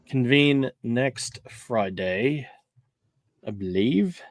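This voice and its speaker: A man's voice: medium pitch, expressive, slow pace, long pauses, dry recording. A man chatting casually from his desk, taking his time with every sentence and wandering through fillers and restarts. His voice sits mid-range and sounds close and dry, and he laughs easily between thoughts. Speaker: podcast co-host. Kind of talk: casual chat.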